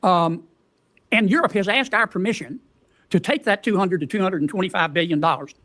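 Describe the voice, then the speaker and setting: A man's voice: high voice, a little fast, bright, forceful tone. A man questioning a witness at a hearing, folksy, pressing with leading tag questions.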